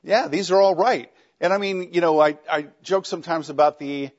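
A middle-aged man leads a classroom discussion in a relaxed, joking lecture style, his voice sitting a little high. The recording is dull and lo-fi, as if captured on a basic mic in the room. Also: moderate pace, few pauses. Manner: conversational, wry and joking. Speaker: teacher.

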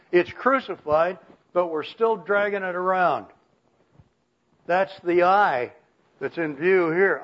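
An older man preaching a sermon in a folksy way, chuckling and often clearing his throat. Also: fairly high pitch. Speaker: pastor. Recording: muffled lo-fi recording.

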